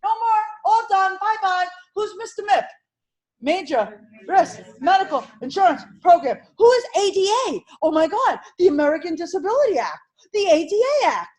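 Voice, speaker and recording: A woman teaching an insurance licensing class, drilling terms over and over and firing questions at her students. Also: extremely high pitch. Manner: animated, repetitive drilling with quick questions to students. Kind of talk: classroom exam-prep lecture.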